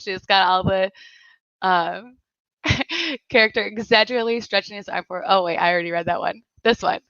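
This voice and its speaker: A woman's voice: medium pitch, a bit bright, no room sound. A woman hosting a casual livestream chat, laughing often as she reads out viewer messages. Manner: giggly, laughs often while reading chat; slow, unhurried speech. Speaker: livestream host. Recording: dry, slightly dull lo-fi sound.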